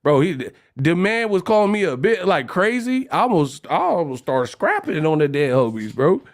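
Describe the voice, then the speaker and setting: A man hosting a boxing livestream, chatting casually with playful shout-outs and stories. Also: fairly high pitch, big pitch swings, moderate pace.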